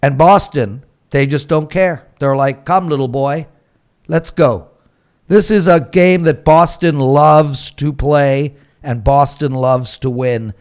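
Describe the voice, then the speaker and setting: Animated ranting sports show host. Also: male voice, fairly high pitch, slow, few pauses. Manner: animated ranting, swings loud and quiet. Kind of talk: sports betting panel talk.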